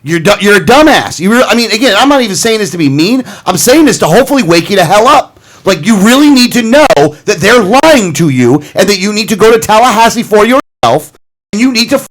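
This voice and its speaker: A man's voice: sits high, lively intonation, brisk. A man hosting a political talk radio show, ranting and bantering with his co-host, interrupting himself with apologies and laughs.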